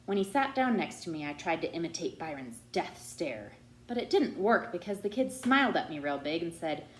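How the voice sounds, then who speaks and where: Woman reading a story with animated lilt. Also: lowish voice, moderate pace. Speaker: audiobook reader. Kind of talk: storytelling narration. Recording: roomy echo.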